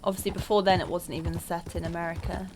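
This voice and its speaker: A woman's voice: fairly low pitch, little pitch movement, quick pace, noisy background. A woman chatting casually as she plays through a video game, thinking aloud and rambling a little. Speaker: let's play gamer. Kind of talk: casual gameplay commentary. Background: game music and horse hooves.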